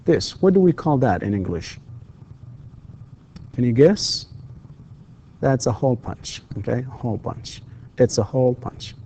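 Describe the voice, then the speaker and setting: A man's voice: mid-range voice, mellow, slight background noise. A man whose first language is Arabic, giving a recorded university English lecture and patiently repeating example questions. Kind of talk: recorded distance-learning lecture.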